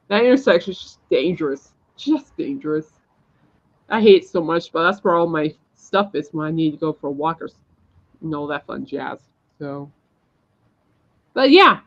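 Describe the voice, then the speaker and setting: A woman hosting a podcast, telling a personal story in a rambling, emphatic casual chat. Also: lowish voice. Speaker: podcast host. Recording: dull lo-fi sound.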